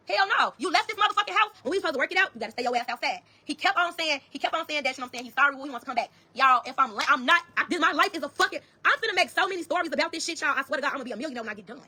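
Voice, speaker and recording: A woman's voice: high-pitched, lively intonation, racing, sharp tone. A woman telling a story to her viewers in a casual, profane, emphatic way, often calling out to "y'all".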